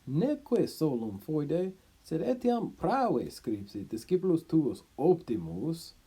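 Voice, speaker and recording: A scornful male doctor, put on by a husky-voiced man reading a Latin story. His voice climbs well above a normal speaking pitch and swings widely as he sneers. The tone stays mellow and slightly husky underneath. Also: very animated, slow pace, full character voice. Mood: indignant. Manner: sarcastic, scornful. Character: indignant sarcastic male doctor reading a letter.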